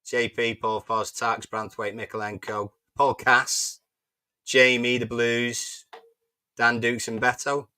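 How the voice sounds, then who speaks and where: A man co-hosting a football fan chat, reading out predicted lineups in a relaxed, stop-start way. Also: mid-range voice, slow, smooth, no echo. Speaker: podcast co-host.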